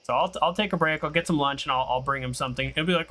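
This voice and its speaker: A young man with a bright, forceful voice talks through his game in a loose, rambling way. He drifts into long stories between moments of play, with a faint hiss of noise behind him. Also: fairly high pitch, very fast. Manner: rambling and chatty, tells stories while playing. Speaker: gaming channel host. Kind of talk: casual let's-play commentary.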